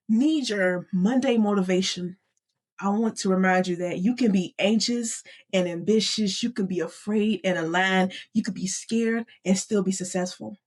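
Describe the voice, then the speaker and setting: A woman hosting a motivational podcast, talking directly to her listeners and calling them y'all, moved almost to tears. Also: medium pitch. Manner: animated, addresses listeners as y'all. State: emotional, near tears. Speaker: podcast host and author.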